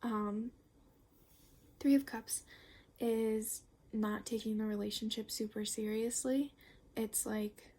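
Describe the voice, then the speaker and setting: A young woman giving a casual tarot reading, chatty and rambling, full of fillers and the odd curse word, sometimes slipping into a soft near-whisper. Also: a little high, flat delivery, unhurried, husky. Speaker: tarot reader.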